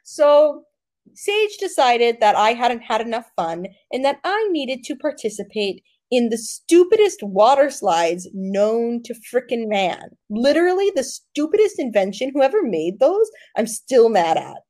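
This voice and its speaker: A young woman hosting a podcast, telling a travel story in an animated, laughing way. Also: on the high side, unhurried. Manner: animated, laughing, dramatic retelling. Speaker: podcast host. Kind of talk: casual storytelling chat.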